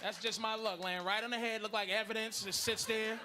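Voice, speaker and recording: A man's voice: high-pitched, steady tone, fairly quick, hardly any pauses, bright, forceful tone. A man in his thirties doing crude, rambling stand-up comedy in a noisy live room. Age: 30s.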